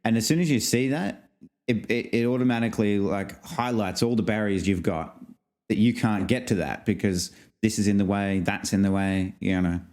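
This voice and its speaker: A man's voice: on the low side, moderate pace, darkish tone. A man co-hosting a podcast in casual chat, rambling through stories with frequent laughs. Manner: rambling storyteller, laughs often, uses fillers. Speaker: podcast co-host.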